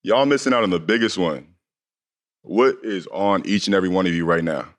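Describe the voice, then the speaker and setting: A man's voice: low-pitched, animated, fairly quick. A young man, a pro basketball player, talking casually on a panel to young players. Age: young adult.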